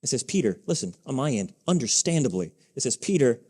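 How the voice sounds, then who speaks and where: Pastor preaching in a reverberant church. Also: male voice, mid-range voice, big pitch swings, fairly quick, few pauses, dark tone, slightly rough. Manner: conversational storytelling with frequent restarts and rhetorical questions. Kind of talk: sermon. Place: church sanctuary. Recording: church hall with long reverb.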